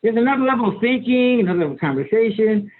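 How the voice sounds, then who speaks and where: A man's voice: sits high, animated, racing. A man in his sixties, an imam speaking as guest on a video call, talking emphatically in a folksy, repetitive way with stammered restarts. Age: 60s. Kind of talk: conversational lecture on a video call. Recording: tinny phone-like audio.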